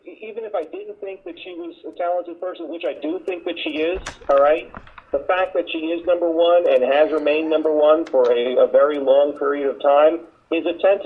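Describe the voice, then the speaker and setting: A rambling man on a casual talk show, filling every pause with "you know" and "listen". His voice is slightly high and comes through a thin phone line. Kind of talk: casual talk radio chat.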